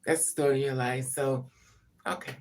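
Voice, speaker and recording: A woman casually telling a personal story on a vlog, frank and profane, laughing as her voice swings between loud outbursts and hushed asides. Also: very deep voice, little pitch movement, moderate pace. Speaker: vlogger.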